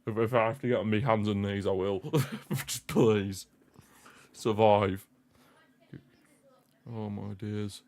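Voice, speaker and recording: A man's voice: fairly low pitch, level tone, unhurried, long pauses, a little mellow. Anxious young Englishman, watchalong commentary. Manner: anxious, pleading, exclamatory. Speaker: streamer hosting a football watchalong.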